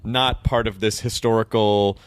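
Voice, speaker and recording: A man's voice: fairly low pitch, fairly even intonation, a little slow, clear, resonant tone, no echo. A man from the United States, a podcast host chatting casually, rambling and joking, often repeating words. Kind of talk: casual interview chat.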